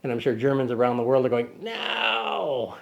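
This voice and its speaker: This camera channel host races along in a slightly mellow, medium-pitched voice with little pitch movement. Playful and teasing, he jokes with his little buddy sidekick and rambles, with plenty of ums and self-corrections.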